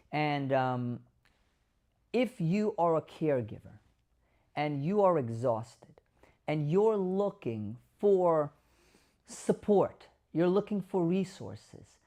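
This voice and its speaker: A man's voice: fairly high pitch, a little mellow. Emphatic man explaining caregiving tips. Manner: emphatic, acts out sample caregiver dialogue. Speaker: doctor hosting a caregiver advice show. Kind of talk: direct-to-camera explainer.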